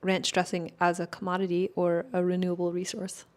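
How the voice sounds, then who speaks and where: A woman's voice: lowish voice, completely flat delivery, a little fast, darkish tone. A woman astrologer in casual chat, answering viewer questions in a rambling, hedging way, full of fillers and self-corrections.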